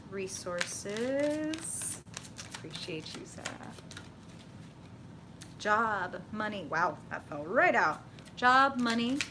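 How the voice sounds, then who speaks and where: On a live stream, a middle-aged woman gives a tarot reading in a loose, profane, lively manner, breaking into frequent laughter. She speaks in a mid-range voice against a noisy background.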